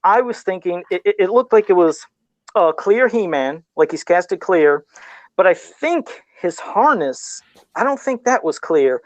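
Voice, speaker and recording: A man's voice: high-pitched, animated, unhurried, no room sound. Laid back middle aged guy chatting on a podcast, pokes fun at himself, dry close sound. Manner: laid-back, self-deprecating, laughs often. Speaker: podcast co-host and toy customizer. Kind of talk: casual chat on a live video podcast.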